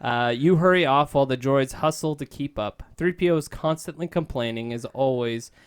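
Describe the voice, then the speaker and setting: A man's voice: mid-range voice, normal speed, clear, resonant tone. A man casually reading an adventure book aloud, stumbling and correcting himself as he goes. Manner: stumbling, self-correcting, laughing asides. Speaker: book reader and podcast host.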